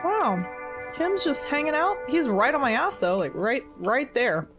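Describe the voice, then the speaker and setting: A woman's voice: sits high, big pitch swings, unhurried, music in the background. Playful young woman streaming a game. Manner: playful, reads dialogue aloud, laughs often. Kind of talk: casual game playthrough commentary.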